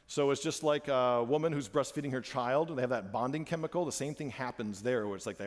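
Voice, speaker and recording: A man and father giving an animated church presentation to parents, repeating phrases for emphasis, in a church hall. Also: mid-range voice, fast, few pauses.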